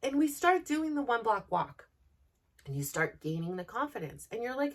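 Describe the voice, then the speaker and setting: Woman with a high voice giving an earnest motivational talk, sounds a bit far off the mic. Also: big pitch swings, normal speed. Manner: earnest, open and personal, speaking directly to listeners. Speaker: podcast host. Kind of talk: candid motivational monologue.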